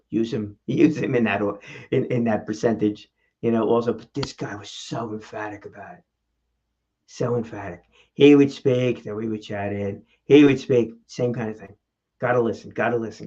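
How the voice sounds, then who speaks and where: Man, casual vlog host, lively rhetorical style, muffled recording. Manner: animated, rhetorical questions, shifts pitch for emphasis. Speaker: vlog host and speaking coach. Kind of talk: casual talking-head vlog. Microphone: camera mic.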